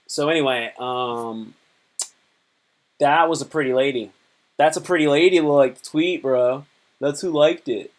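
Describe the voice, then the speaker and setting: A man's voice: a little high, measured pace, long pauses. A man hosting a casual livestream, rambling in slang while reading posts aloud and joking. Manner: slangy, rambling, reads tweets aloud and jokes. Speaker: livestream host. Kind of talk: casual chat.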